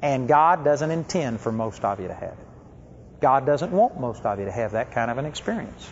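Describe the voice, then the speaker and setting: A man's voice: mid-range voice, big pitch swings, moderate pace, a little hiss or hum. A man preaching a sermon in a conversational storytelling way, often putting direct questions to the congregation. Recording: echoey hall, dull lo-fi sound.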